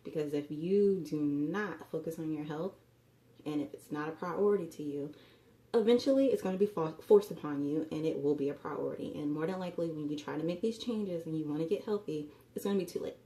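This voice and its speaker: A woman talks earnestly to her viewers about health, coaching them along in a loose, chatty way. Her voice sits a little low and sounds warm and mellow. The room around her rings with a noticeable echo. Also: brisk. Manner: earnest, coaching, repeats "you know" often. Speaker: health and fitness vlogger. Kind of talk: casual motivational talk to camera.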